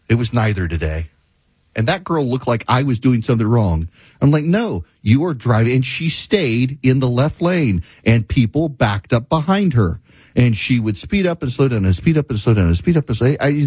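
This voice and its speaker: A host rants with sarcastic exasperation, his husky voice swinging widely in pitch. The sound is dry and close, with no room echo. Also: darkish tone. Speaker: talk show host. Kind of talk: ranting monologue.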